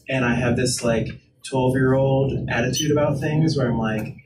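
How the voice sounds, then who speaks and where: A man's voice: medium pitch, steady tone, moderate pace, few pauses. Rambling, laid-back man in a roomy hall. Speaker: guest artist. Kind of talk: casual onstage interview. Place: live event venue. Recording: roomy, distant mic, ambient noise.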